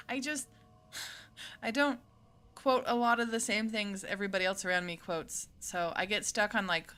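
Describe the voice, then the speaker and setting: A woman's voice: medium pitch, steady tone, a little slow, long pauses, fairly bright tone, clear, resonant tone. An American woman streaming a game, reading a visual novel aloud and chatting in a playful, rambling way between lines. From United States. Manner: playful and rambling, laughs often.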